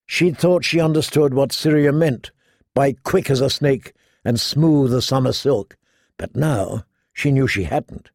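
A man reading a story aloud in a measured storytelling style. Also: mid-range voice, creaky, darkish tone, no room sound, clean studio sound. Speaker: audiobook narrator. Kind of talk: scripted narration.

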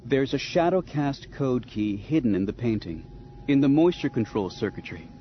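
A man's voice: medium pitch, animated, normal speed, lightly acted. A man voicing a determined adult princess and leader, urgent and persuasive, in a slightly dull recording with faint hiss.

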